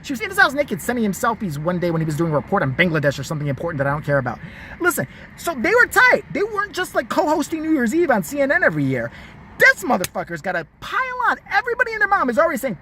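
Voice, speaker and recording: A male vlogger in full rant, swearing freely and mocking everyone in sight. His pitch swings wildly from high yelps to low mutters. A faint hiss of background noise runs under the voice. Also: fast talker. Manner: profane, animated, mocking. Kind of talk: ranting commentary.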